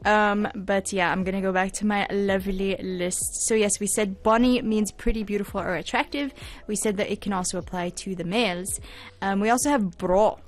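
A woman's voice: medium pitch, fairly even intonation, normal speed. Playful woman host chatting. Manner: playful, giggly, sounding out words. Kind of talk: casual chat.

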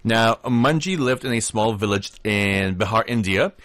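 A man's voice: on the low side, expressive, normal speed, a bit bright, no echo, soft background music. A man co-hosting a radio show in casual chat, teasing with dry jokes and telling stories. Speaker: radio co-host.

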